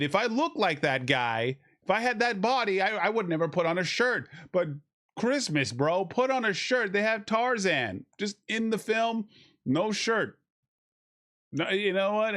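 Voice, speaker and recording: Animated rambling man reviewing a film. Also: fairly high pitch. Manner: rambling, animated, swears casually. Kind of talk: casual chat.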